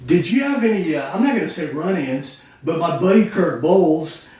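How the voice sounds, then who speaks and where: A man's voice: fairly high pitch, animated, normal speed, a little mellow. A man hosting a podcast, asking rambling questions with fillers in a casual interview. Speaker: podcast host. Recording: echoey room, distant from mic.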